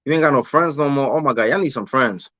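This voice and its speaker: A man's voice: mid-range voice, quick pace, a bit bright, no echo, lo-fi sound. A man chatting casually on a livestream, loose and slangy, often restarting and repeating his words. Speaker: vlogger answering live chat.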